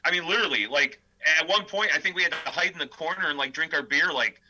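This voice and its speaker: Guesting on a podcast, this Midwestern death metal singer and guitarist rambles through his stories with animation and plenty of fillers in a casual interview. He talks fast in a fairly high voice, captured in a muffled recording with background noise.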